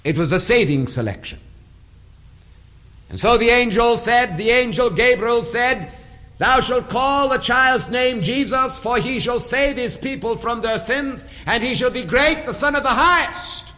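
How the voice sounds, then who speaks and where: A man's voice: extremely high pitch, a little slow, pushed and bright. A man preaching a sermon in a church, building emphasis through repeated phrases. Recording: long hall reverb.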